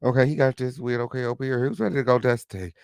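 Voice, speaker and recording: A man hosting a casual livestream, greeting viewers with flamboyant, sing-song shout-outs and sassy, profane chatter. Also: medium pitch, fairly even intonation, fast, creaky, clean tone, no echo. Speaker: livestream host.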